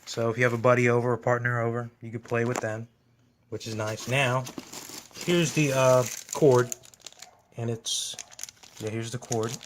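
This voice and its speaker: A man's voice: mid-range voice, little pitch movement, moderate pace, long pauses, a little hiss or hum. A man hosting a gaming channel, giving casual, enthusiastic unboxing commentary at home. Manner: enthusiastic, gushing.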